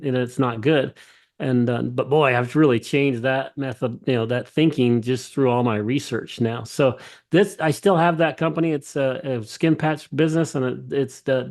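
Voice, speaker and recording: A man who runs a company, speaking as a podcast guest in a mid-pitched, ordinary voice. He tells his story with eager enthusiasm, often restarting his sentences. He acts out the dialogue of his anecdotes as he goes. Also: a little mellow. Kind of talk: casual interview storytelling.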